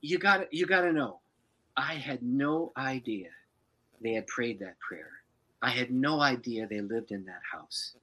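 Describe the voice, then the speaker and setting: A man's voice: medium pitch, rough recording. A man, a pastor and author, tells a personal story as a podcast guest, breaking into laughter as he goes. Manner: lively, laughs through his story.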